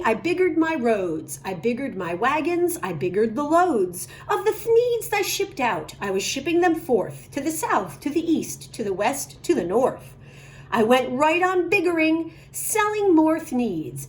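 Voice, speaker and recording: A woman reading a rhyming picture book aloud to children in an expressive, sing-song way. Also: high-pitched, measured pace, slight background noise. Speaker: children's story reader.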